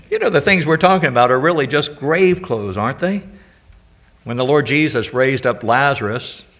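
An older male preacher delivers a sermon in a relaxed, conversational way. His voice sits at a middle pitch, and he weaves in personal stories and frequent questions to the congregation. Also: normal speed, long pauses. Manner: conversational, anecdotal, asks the audience questions.

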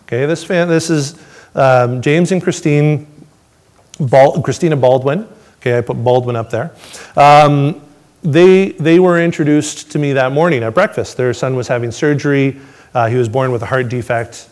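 A man telling his testimony to a congregation, swinging between excited storytelling and hushed, reflective moments. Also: mid-range voice, normal speed. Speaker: father sharing a testimony.

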